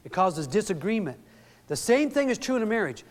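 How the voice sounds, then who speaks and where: A man's voice: sits high, big pitch swings, fairly quick. Man giving a seminar in a reverberant hall. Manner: storytelling, acts out quoted dialogue. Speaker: relationship seminar speaker. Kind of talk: live seminar talk.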